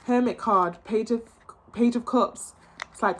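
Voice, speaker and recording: A fairly high-voiced young woman hosts a casual tarot reading to the camera. She talks in an emotional, encouraging way, circling back over her words and restarting her sentences as she goes. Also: normal speed. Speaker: tarot reader.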